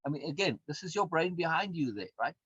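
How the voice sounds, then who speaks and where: A man's voice: fairly high pitch, lively intonation, fast talker, fairly bright tone, husky, no echo. A man, a course instructor and coach, giving a recorded lecture in an emphatic way, repeating words and often adding tag questions. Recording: dull, dry lo-fi sound.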